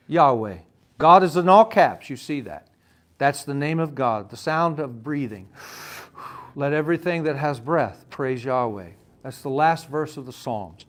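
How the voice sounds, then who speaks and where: Animated man teaching Bible study. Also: on the high side, measured pace. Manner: conversational, addresses listeners by name, asks questions; animated, swings loud and soft.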